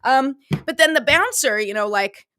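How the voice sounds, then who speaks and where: A woman in her thirties hosting a casual motivational talk, chatty and animated, full of fillers, acting out little voices as she goes. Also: high voice, normal speed, no echo, studio quality. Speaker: host.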